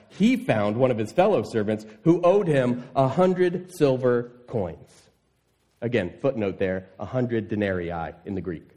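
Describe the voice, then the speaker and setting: A man preaching a sermon, reading scripture and acting out indignant voices. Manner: animated, voices indignant listeners with rising pitch. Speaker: pastor.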